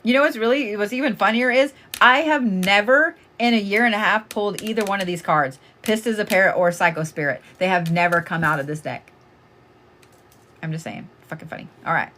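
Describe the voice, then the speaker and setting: A woman's voice: medium pitch, fairly quick, fairly bright tone, slight background noise. A woman giving casual live oracle card readings, blunt and chatty, swearing freely as she talks to callers.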